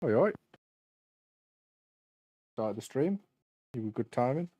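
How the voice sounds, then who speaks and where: A man's voice: medium pitch, animated, takes it slowly, dark tone, dry recording. A man streaming sim racing, chatting casually and laughing a lot, trailing off mid-story. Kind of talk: casual chat.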